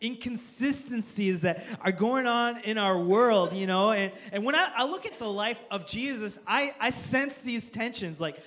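A man's voice: high voice, expressive, unhurried, hardly any pauses, a bit bright. A man preaching a humorous sermon to a live audience, joking and asking the crowd for applause and amens. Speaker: pastor. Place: church auditorium with live audience.

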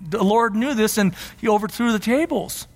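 A man's voice: high-pitched, normal speed. A middle-aged man preaching a sermon as pastor, teaching earnestly and building to emphatic passion. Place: church sanctuary. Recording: long hall reverb.

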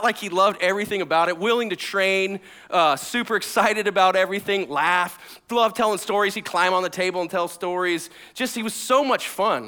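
A man with a high, bright voice preaches a sermon built on personal stories. His delivery is lively and conversational. It swings from excited near-shouts to quiet, earnest questions. He sounds like a pastor speaking plainly to his church. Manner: energetic, conversational, swings from loud to hushed. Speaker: pastor, former firefighter.

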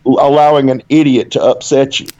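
Southern male writer, animated chat, restarts a lot, muffled audio. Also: medium pitch, fairly quick. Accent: Southern American. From American South. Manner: animated, rambling, frequent restarts. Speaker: writer, podcast co-host. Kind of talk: casual conversation.

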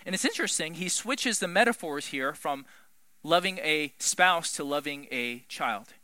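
Male preacher, animated and emphatic sermon delivery, bright sharp tone, dry close sound. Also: on the high side, normal speed, no echo. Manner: animated, emphatic, swings from loud to hushed.

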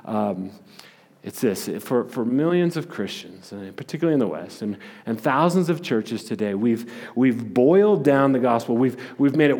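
A man's voice: medium pitch, expressive, normal speed, darkish tone, long reverb tail. A man preaching a sermon as a pastor, talking in a conversational way with frequent restarts and repeated words.

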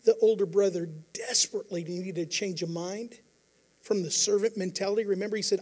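A pastor preaching a sermon, earnest, moving between quiet passages and emphatic declarations. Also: male voice, high voice, steady tone, brisk.

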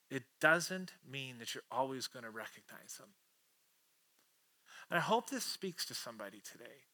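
A man preaching a sermon, animated and playful, swinging from loud acted-out quotes to quiet asides with casual jokes. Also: fairly high pitch. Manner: playful, casual slang and self-aware jokes. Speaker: pastor.

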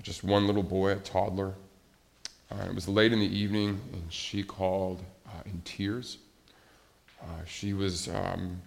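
A pastor preaching a conversational sermon, pausing often with fillers and restarts. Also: male voice, low-pitched, vocal fry. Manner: conversational, hesitant with many fillers.

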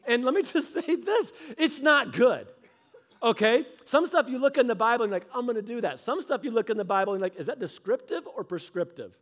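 A man preaching a sermon, telling the story in a humorous, conversational way and acting out the characters in quick voices. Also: extremely high pitch, lively intonation, fairly bright tone. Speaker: pastor.

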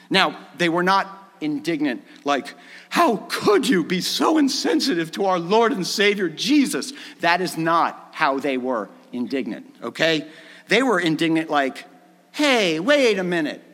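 A man's voice: a little high, pushed and bright. A man preaching a sermon as a pastor, telling the story animatedly and acting out the dialogue. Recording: long hall reverb.

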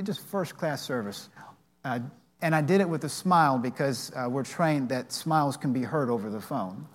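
An earnest man with a mid-range voice offers a devotional teaching. He shares personal stories haltingly, frequently starting his sentences over.

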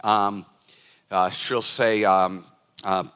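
A man's voice: fairly low pitch, little pitch movement, extremely slow, fairly bright tone, smooth. An older man preaching a sermon as a pastor, telling stories and acting out everyday scenes. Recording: long reverb of a large hall.

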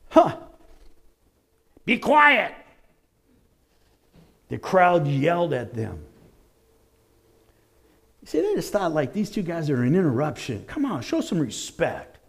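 Animated male preacher with a lively voice. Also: on the high side, vocal fry. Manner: animated preaching, shouting out quoted cries. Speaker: pastor. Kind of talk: sermon.

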